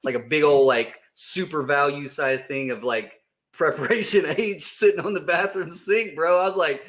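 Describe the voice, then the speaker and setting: A man's voice: fairly high pitch, normal speed, a bit bright. A man co-hosting a casual livestream, joking around with his co-host and reading viewer chats in a playful, teasing way. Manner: joking, playful, slips into silly voices.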